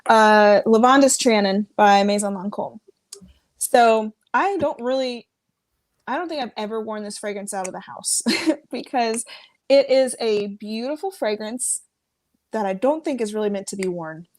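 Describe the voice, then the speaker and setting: A woman's voice: on the high side, unhurried, dry recording. An American woman guesting on a casual fragrance chat, rambling easily with lots of fillers and small laughs.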